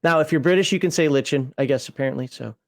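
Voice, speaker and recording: A man's voice: on the high side, rapid-fire, creaky. An American man co-hosting a casual game-book chat, reading viewer questions and arguing over pronunciation. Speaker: podcast co-host.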